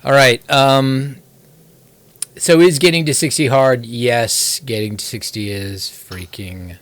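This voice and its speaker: A man's voice: mid-range voice, steady tone, takes it slowly, fairly bright tone. A man casually talking through a live game stream, rambling and wry, poking fun at himself as he plays. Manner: rambling, wry and self-mocking. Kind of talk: casual live-stream commentary while gaming.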